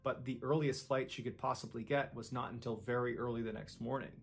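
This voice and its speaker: A man's voice: medium pitch, steady tone, brisk, vocal fry, slight background noise. A man narrating a true-crime story in a suspenseful, dramatic way, acting out the lines people said.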